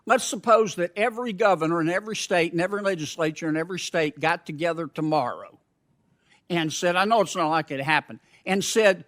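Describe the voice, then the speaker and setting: A man's voice: high-pitched, fairly quick, a bit bright. A man, a senator questioning a witness at a hearing, speaking in a blunt, folksy, rhetorical way into a desk microphone.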